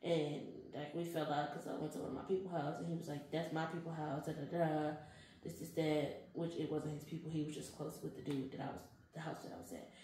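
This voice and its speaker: A young adult woman is interviewed and tells her story in casual slang, animatedly acting out what people said. Her voice is low and a little fast, and the recording is echoey with faint noise.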